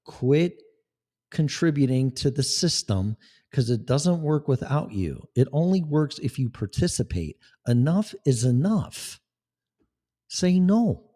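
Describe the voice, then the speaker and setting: A man's voice: fairly high pitch, expressive, slow, mellow. A man hosting a live talk show, speaking in a blunt, sarcastic, rambling way. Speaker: podcast host. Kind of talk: casual live-show monologue.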